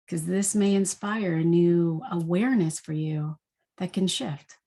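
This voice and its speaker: A woman's voice: fairly low pitch, unhurried, dark tone. A woman giving a spiritual daily energy forecast in a reflective, unscripted way. She asks many rhetorical questions and often says "like".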